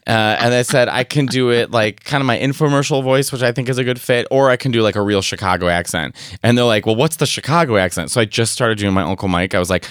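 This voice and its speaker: A man who works as a comedian, telling a story in a casual interview and slipping into quick acted voices. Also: medium pitch, fairly bright tone, clear, resonant tone, dry recording, studio quality. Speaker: interview guest, comedian and stage actor.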